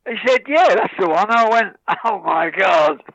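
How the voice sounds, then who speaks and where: A man tells his stories in a casual, lively manner. His voice sits high and sounds bright. The recording is dry and a little dull. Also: a little slow, vocal fry, no echo. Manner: lively storyteller, breaks into sung snatches and laughs. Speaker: guest musician. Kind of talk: casual anecdote telling.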